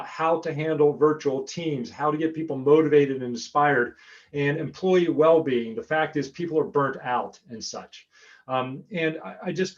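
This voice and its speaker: A man's voice: on the high side, highs cut off. An American man giving a chatty talk as guest speaker over a remote call, often repeating words as he goes. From United States. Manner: chatty, repeats words while finding his thread. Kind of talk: webinar presentation. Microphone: remote call audio.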